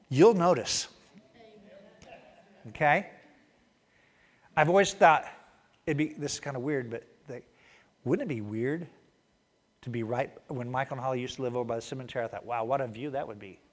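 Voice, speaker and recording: A man pastor preaching a sermon, reading Scripture and acting out the people in it, swinging from loud outbursts to quiet asides. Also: mid-range voice, moderate pace, pauses often, in a large hall. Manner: animated, acts out voices, swings from loud to quiet.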